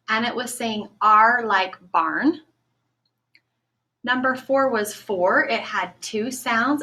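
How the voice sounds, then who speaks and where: A woman teaching a recorded phonics lesson to children, speaking clearly and encouragingly and stretching out the sounds of words. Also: medium pitch, bright, forceful tone. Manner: slow, clear, encouraging classroom delivery.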